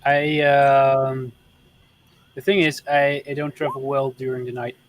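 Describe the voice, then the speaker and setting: A man's voice: mid-range voice, little pitch movement, a little slow, no echo. A man playing in an online tabletop game, speaking hesitantly with lots of ums and uhs. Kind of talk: casual table talk.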